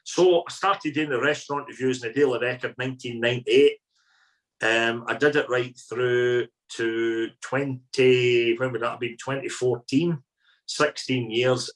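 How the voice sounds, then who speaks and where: A middle-aged Scottish man, a podcast guest telling colloquial, lively stories as a food critic. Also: mid-range voice, poor audio. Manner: colloquial, animated raconteur. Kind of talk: anecdotal storytelling.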